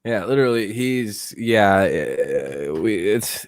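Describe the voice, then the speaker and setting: A man's voice: on the low side, measured pace, a little mellow, no echo, studio quality. A young man streaming live, rambling casually to his chat with lots of swearing and laughter. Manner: rambling, profane, laughs often, talks to chat.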